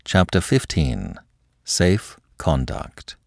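A man reads a classic novel aloud with dramatic, expressive delivery. His voice is very deep and moves widely in pitch. The sound is dry and close to the mic. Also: very slow, gravelly, no echo. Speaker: audiobook narrator. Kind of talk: scripted narration of a classic novel.

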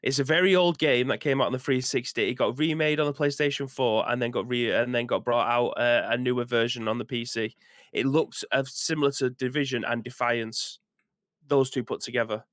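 A man's voice: mid-range voice, steady tone, fairly quick, a bit bright, dry recording. Rambling man, dry sound. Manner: rambling, hesitant with fillers. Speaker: podcast co-host. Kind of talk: casual chat.

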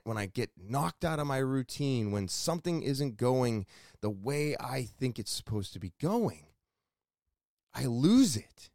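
Fairly low and darkish in tone, this male podcast host delivers a rambling, self-critical solo monologue full of restarts. He's candid and close-miked in a small room, and the recording is dry.

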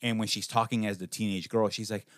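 A man co-hosting a podcast, reviewing a film in casual banter, animated and profane, with a lot of halting restarts. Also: lowish voice, no echo, studio quality. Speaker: podcast co-host.

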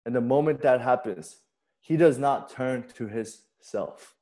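Casual, mellow-voiced young male pastor. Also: medium pitch, a little slow. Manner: casual, conversational, repeats words when starting sentences. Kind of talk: sermon with personal storytelling.

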